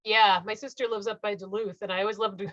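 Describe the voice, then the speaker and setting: A woman's voice: medium pitch, fast, no room sound, highs cut off. A woman with a Midwestern American accent, co-hosting a podcast in casual chat, telling stories and laughing often. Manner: laughing, animated storytelling. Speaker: podcast co-host.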